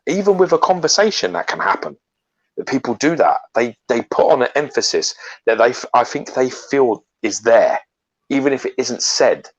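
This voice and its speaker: A man's voice: mid-range voice, normal speed, slightly rough, lo-fi sound. A man co-hosting a casual chat, telling stories with restarts and repeated words. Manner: animated storyteller, repeats words when starting sentences. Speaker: co-host of a collectibles chat show.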